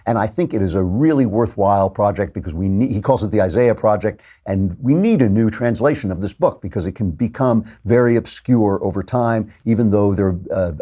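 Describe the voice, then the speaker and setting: A man's voice: lowish voice, warm tone, slightly rough. A man in his sixties hosting a podcast, talking in a wry, chatty way with frequent fillers and restarts. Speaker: podcast host. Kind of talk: casual monologue with scripture reading.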